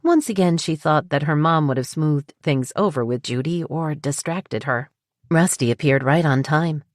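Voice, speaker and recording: Low, steady woman narrating a novel. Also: moderate pace, no echo, clean studio sound. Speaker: audiobook narrator. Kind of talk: scripted narration.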